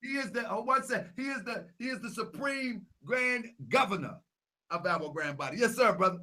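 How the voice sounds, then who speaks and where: A young man hosting a casual vlog, talking through a set of photos. He repeats himself a lot and grows louder and more animated as he gets worked up. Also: high voice, moderate pace. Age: young adult. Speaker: Grand Sheik and channel host.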